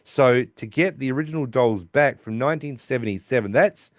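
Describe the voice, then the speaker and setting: A middle-aged Australian man co-hosting a podcast in casual, animated, joking chat. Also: mid-range voice, brisk, no room sound, clean studio sound. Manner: animated, jokey, talks over his co-host. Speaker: podcast co-host.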